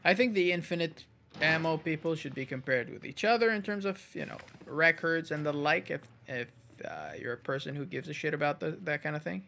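A man's voice: on the high side, fairly quick, gravelly, pushed and bright, slight background noise. A man giving casual, jokey commentary while playing a game, rambling, swearing and muttering to himself. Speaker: gaming channel host.

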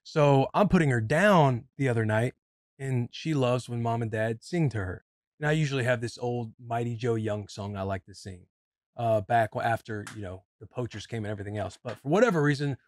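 A man in his thirties chatting casually on a podcast, telling stories about home life with a relaxed, ordinary-pitched voice. He drifts now and then into loose, off-key singing. The sound is close and dry, with no room around it. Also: fairly quick, no echo. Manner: storytelling, breaks into off-key singing. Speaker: podcast co-host.

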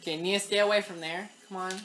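A woman giving live gameplay commentary, excitable, talking to the game and yelling at opponents. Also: mid-range voice, quick pace, soft background music. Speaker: gaming channel host.

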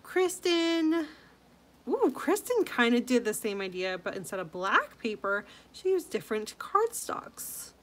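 A woman's voice: mid-range voice, wildly swooping pitch, normal speed, few pauses. Gushing, chatty woman scrapbook host. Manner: chatty and gushing, with frequent soft asides. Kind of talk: casual chat reviewing viewers' layouts.

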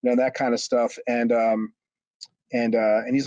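A man's voice: mid-range voice, flat delivery, moderate pace, a little mellow, no echo, lo-fi sound. A man, a former wrestler, telling a long backstage story in a rambling way with many restarts. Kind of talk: storytelling interview.

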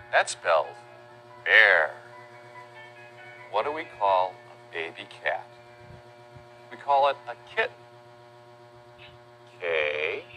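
A man narrating a children's educational video, spelling out words letter by letter in a friendly, deliberate way. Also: sits low, pushed and bright. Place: voice-over.

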